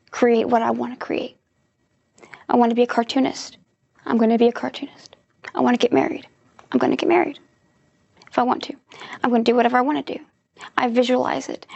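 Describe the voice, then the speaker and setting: A woman's voice: fairly high pitch, vocal fry, darkish tone, no room sound. A woman in her twenties giving an emphatic, determined personal faith testimony. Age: 20s. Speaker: testimony speaker.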